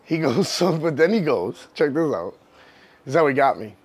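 A man's voice: fairly high pitch, big pitch swings, moderate pace, husky. A man, a professional wrestler telling his story in a candid sit-down interview, emotional and rambling. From New York. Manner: emotional, rambling, frequent "you know what I mean".

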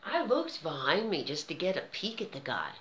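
A woman's voice: lowish voice, sing-song, moderate pace, fairly bright tone, echoey room, poor audio. An American woman telling a personal story in a conversational vlog style, with an American accent. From United States. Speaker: vlogger.

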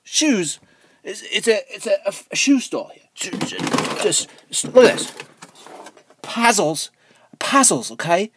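A man's voice: sits high, expressive, measured pace, background noise. A man playing a rambling, preachy vegan kids TV host who talks down to children and repeats his words, with music underneath. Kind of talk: comedic kids-show parody.

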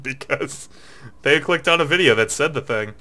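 A young man chatting and joking while playing a game with friends, with excitable outbursts. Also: medium pitch, normal speed. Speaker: gamer. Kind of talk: casual gaming chat.

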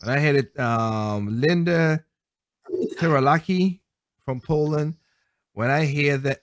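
A man's voice: medium pitch, no room sound. A man hosting a one-man show, rambling casually and laughing often as he reads viewer comments. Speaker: host.

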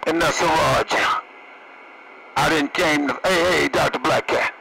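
A man's voice: fairly high pitch, fairly even intonation, a little slow, gravelly, bright, forceful tone. A man trading jokes over CB radio, using radio lingo and laughing between lines. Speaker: CB radio operator. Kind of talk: CB radio banter. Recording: noisy CB radio transmission.

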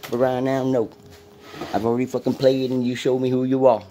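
A man's voice: medium pitch, little pitch movement, brisk, mellow, slight background noise. A man vlogging in a rambling, profane way, coaxing and talking to an unseen presence and his dog.

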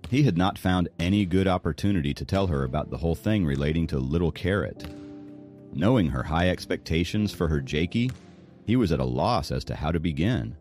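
A man narrating an audiobook with expressive storytelling. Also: low voice. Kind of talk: scripted narration.

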